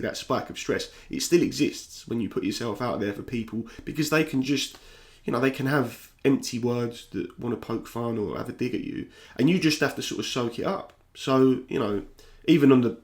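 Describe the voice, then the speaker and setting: Candid South London man vlogging. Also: mid-range voice. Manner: candid, restless, repeats himself and restarts. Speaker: YouTuber. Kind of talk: reflective talking-head vlog.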